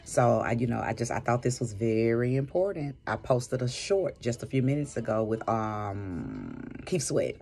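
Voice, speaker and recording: A woman's voice: rumbling low, sing-song, moderate pace, vocal fry, warm tone. A woman who does spiritual readings, giving an emphatic advice monologue and repeating phrases for stress. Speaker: spiritual reader and vlogger.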